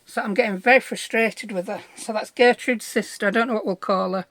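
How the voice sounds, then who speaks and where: A woman's voice: medium pitch, brisk, fairly bright tone, dry recording. A middle-aged woman, chatting through a crafting tutorial in a bubbly, self-deprecating way. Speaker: craft vlogger.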